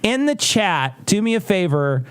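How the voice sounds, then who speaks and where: A man co-hosting a casual livestreamed podcast, talking in an animated, profane way and often breaking into laughter. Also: high voice, a little slow, clear, resonant tone. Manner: animated, swearing, acts out voices and laughs. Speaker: podcast co-host.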